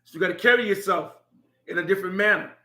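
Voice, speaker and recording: A man's voice: high-pitched, fast, sharp tone. A middle-aged man telling a heartfelt story about his son, laughing now and then as he speaks. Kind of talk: personal storytelling. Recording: echoey room.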